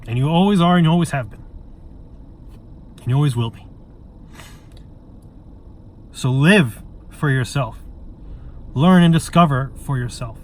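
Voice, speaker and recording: A man's voice: on the high side, a little slow, pauses often, darkish tone. A man in an emotional monologue straight to camera, earnest and pleading, stumbling and repeating words and swearing bluntly. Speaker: vlogger.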